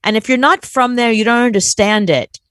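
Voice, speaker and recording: A woman with a Long Island New York accent, co-hosting a casual comedic chat and telling loud, animated stories. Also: fairly high pitch, brisk, no echo. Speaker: co-host.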